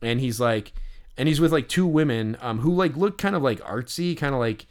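Medium-pitched and moderately paced, a man co-hosts a podcast with casual conversation and rambling stories. He leans on fillers and restarts, becoming animated as he tells his tales.

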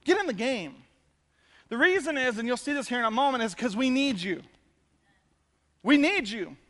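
A man, a pastor, giving a conversational and animated sermon to his congregation. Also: very high-pitched, long reverb tail. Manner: conversational, animated preaching with quick asides. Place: church sanctuary.

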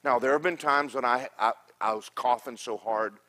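A pastor preaching a sermon, telling stories with humorous asides and swinging from loud exhortation to quiet remarks. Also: male voice, mid-range voice, normal speed. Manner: animated storytelling with humorous asides.

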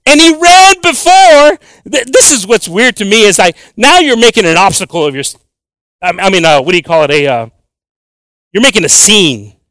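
A male preacher gives a sermon in two languages, moving back and forth between Spanish and English. His voice sits a little high and rises and falls freely as he makes joking asides. The sound is dry and close. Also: animated, normal speed, fairly bright tone, dry recording. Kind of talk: bilingual sermon.

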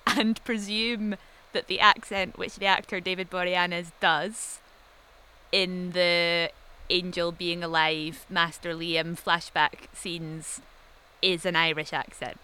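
Woman co-host, bright sharp voice, quick checks and questions. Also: on the low side, little pitch movement, a little hiss or hum. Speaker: podcast co-host. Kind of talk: casual chat.

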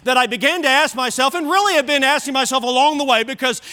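A man's voice: very high-pitched, fast, sharp tone. A man preaching a sermon at a church service, emphatic and repeating key phrases for weight.

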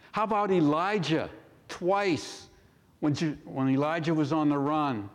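A male pastor preaching a sermon in a church, measured and full of rhetorical questions. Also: fairly high pitch, expressive. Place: church sanctuary. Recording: long hall reverb.

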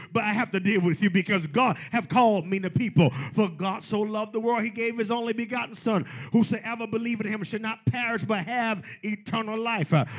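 A high-pitched male preacher delivers a sermon in church. He calls out to the congregation in call-and-response phrases and lifts his lines into a singing cadence.

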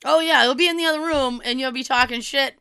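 A woman tells a story in relaxed, profane, animated chat. Her voice is bright and crisp, with a gravelly edge. The recording is close and dry. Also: high-pitched, quick pace, dry recording. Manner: animated storytelling, swears freely. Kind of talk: casual chat.

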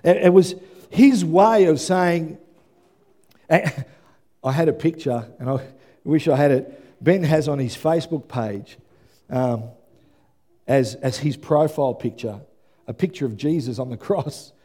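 Preaching with animation, a male pastor whose voice runs a little high builds to shouting at the climaxes, then slips into brisk asides.

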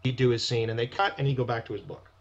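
Male actor guest in a casual interview, mid-pitched and meandering, with a dull lo-fi recording. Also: steady tone, fast talker. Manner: rambling, trailing off and restarting mid-thought. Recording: dull lo-fi sound.

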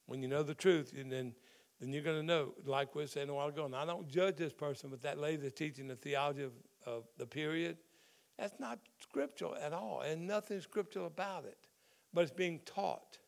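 A middle-aged man preaching from the pulpit, his voice sitting a little higher than most men's. He talks the congregation through scripture in an easy, conversational way, stopping to unpack the Greek behind key words. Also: a little fast, vocal fry. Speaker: pastor. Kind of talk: sermon.

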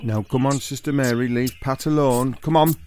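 A man's voice: medium pitch, steady tone, moderate pace. A man who presents a comedy sketch as a chatty running commentary. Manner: chatty running commentary, bursts into loud outbursts. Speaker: comic presenter.

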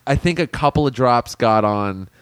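A man co-hosts a casual podcast, spinning a long, profanity-laced story about his old job. His voice sits at an ordinary middle pitch. The recording is dry and close, with no room sound. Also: lively intonation, normal speed, smooth, dry recording. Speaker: podcast co-host.

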